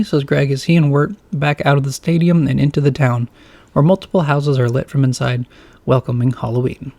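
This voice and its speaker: A man narrating a novelized storybook in a plain, steady reading voice. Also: mid-range voice, fairly quick, vocal fry, no echo.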